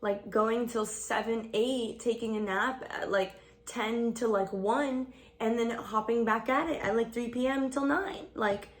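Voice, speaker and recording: A woman's voice: fairly high pitch, steady tone, measured pace, few pauses. A woman in her twenties vlogging a casual get-ready-with-me chat, rambling and swearing, saying "like" a lot and laughing often.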